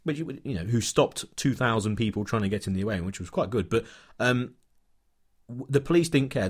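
Male podcast co-host, low husky voice, animated ranter. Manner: animated ranting, storytelling. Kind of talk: casual podcast chat.

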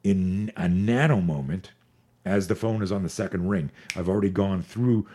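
Deep husky man, profane storyteller. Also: normal speed. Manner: energetic, profane, storytelling with acted quotes. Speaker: fear management expert, podcast guest. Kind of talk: podcast conversation.

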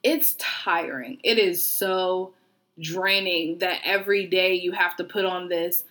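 A woman, talking through her thoughts emphatically on a podcast. Her voice sits a little low, yet it sounds bright. She often slows down to stretch out the words she wants to stress. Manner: emphatic, reflective, affirming. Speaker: podcast co-host. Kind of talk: casual chat.

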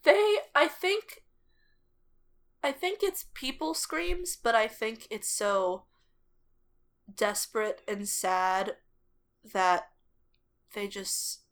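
A woman co-hosting a podcast, telling a story in casual chat, animated and laughing often. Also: mid-range voice, slow, long pauses. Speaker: podcast co-host.

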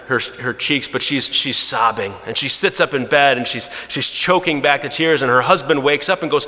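A man preaching a sermon in a relaxed storytelling way, with frequent restarts, who drops to a hushed voice at the emotional moments. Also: medium pitch, moderate pace, few pauses. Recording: long reverb of a large hall.

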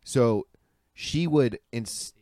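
A man's voice: mid-range voice, expressive, very slow, dark tone, no echo, clean studio sound. A man chatting casually as a podcast co-host, rambling through a story with lots of "dude" and "like" and casual swearing. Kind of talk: casual chat.

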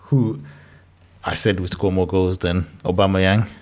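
A man co-hosting a football podcast in casual banter, animated and exasperated, laughing often. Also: low voice, a little slow. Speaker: podcast co-host.

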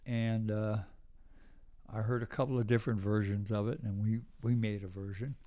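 A man's voice: lowish voice, flat delivery, normal speed, warm tone. An older man telling rambling anecdotes as an interview guest, often acting out the voices of people he quotes. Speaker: guest musician. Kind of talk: casual storytelling interview.

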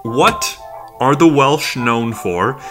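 A man's voice: mid-range voice, expressive, extremely slow, music in the background. A man co-hosting a casual comedic podcast, telling a history story with frequent teasing jokes and laughs. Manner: joking, laughs often, teasing delivery.

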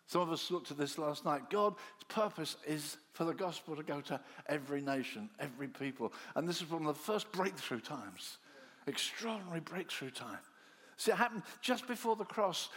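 In a recording with long hall reverb, a man preaching a sermon tells the story with animation. He acts out what the disciples say and lowers into soft tones for the quiet parts.

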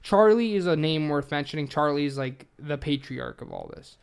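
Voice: medium pitch, animated, normal speed, gravelly, clear, resonant tone. A casual podcast host talking through a true-crime case, swearing constantly and rambling with lots of fillers. He admits to being a little tipsy, and the delivery stays loose and informal.

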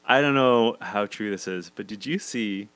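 A man's voice: on the low side, normal speed, a bit bright, clear, resonant tone. A Canadian man, a guest on a podcast, talking basketball in a playful, teasing way. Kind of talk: casual sports chat.

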